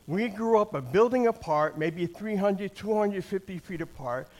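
A man's voice: high-pitched, lively intonation, moderate pace. Older man preaching, often asking amen. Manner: keeps asking the crowd "amen?" and "right?"; repeats and restarts phrases, plain-spoken. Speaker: church speaker sharing testimony. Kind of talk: conversational sermon.

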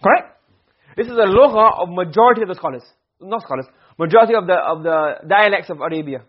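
A male teacher giving a classroom lecture on grammar, explaining and then checking understanding with quick questions. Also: high voice, animated, husky, dull audio.

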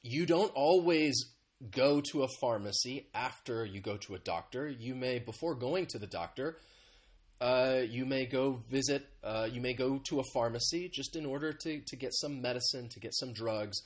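A man leads a live-streamed English vocabulary lesson, with a mid-range voice that is neither high nor low. He repeats and rephrases as he goes and keeps his tone encouraging. He greets his viewers by name along the way. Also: normal speed. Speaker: English teacher.

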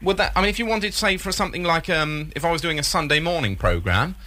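A man making a deadpan prank phone call, hesitant and rambling with many ums. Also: fairly high pitch, fast talker. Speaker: prank caller.

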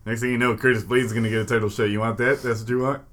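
A man's voice: medium pitch, steady tone, racing, fairly bright tone. A young man co-hosting a casual sports chat podcast, joking, sarcastic and profane. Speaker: podcast co-host.

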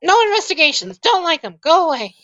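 Shrill, curt cranky recluse voiced by a woman, barking short refusals; dull dry sound. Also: sing-song, a little fast, a bit bright, dry recording, exaggerated voice. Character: grumpy reclusive man shouting through a door.

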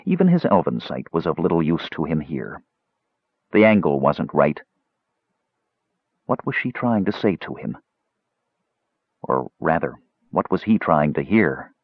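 This man narrates a fantasy audiobook from a script, measured in pace yet lively in intonation. His voice rumbles low with a breathy edge, and the close-mic recording is dull, dry and echo-free.

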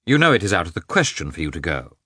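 A man's voice: deep voice, sing-song, fast, pushed and bright, slightly rough, dry recording, studio quality, heavily acted. A man voicing an anxious young nobleman who earnestly entreats his lover. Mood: pleading.

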